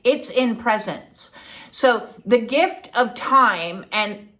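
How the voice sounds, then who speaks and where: A woman with a fairly high voice gives a relaxed spiritual teaching talk to her viewers. She is blunt and chatty, swears casually, and keeps checking in with "okay?" as she goes. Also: takes it slowly. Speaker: spiritual coach.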